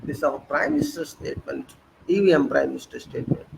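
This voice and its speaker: A man's voice: medium pitch, sing-song, quick pace, creaky, a little mellow, a little hiss or hum, poor audio. A man with an Indian English accent delivering an impassioned political monologue, firing off indignant rhetorical questions with sarcastic jabs. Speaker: political commentator.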